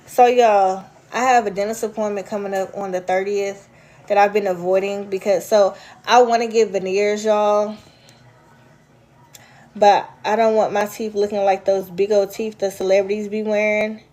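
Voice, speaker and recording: A woman's voice: mid-range voice, flat delivery, normal speed, warm tone. A woman chatting casually with her viewers, rambling from story to story and answering their comments. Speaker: vlogger. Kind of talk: casual live chat with viewers.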